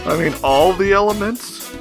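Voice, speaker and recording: A man co-hosting a casual podcast, teasing and giggling through edgy jokes. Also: high-pitched. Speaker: podcast co-host.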